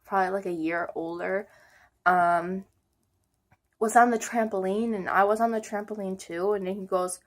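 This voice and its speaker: A woman's voice: medium pitch, steady tone, moderate pace. A young woman telling an old personal story in a casual vlog, chatty and giggly, with lots of "like" and "um". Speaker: vlogger.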